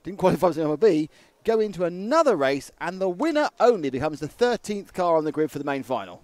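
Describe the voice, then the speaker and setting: A man's voice: a little high, expressive, fast talker, a little mellow, no echo. A man co-hosting a live race broadcast, chatty and jokey, introducing the schedule and his co-host. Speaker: race commentator.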